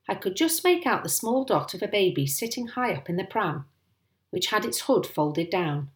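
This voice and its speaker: A woman reading a children's book aloud in an expressive, animated storytelling manner. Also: medium pitch, moderate pace. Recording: roomy echo.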